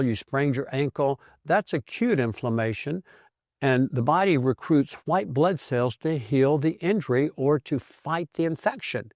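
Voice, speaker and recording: 男性医生 在干燥近距离录音里生动讲述自己的病史. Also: male voice, medium pitch, no echo, clean studio sound. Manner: animated storyteller who acts out quoted voices. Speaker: physician host. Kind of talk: conversational storytelling about health.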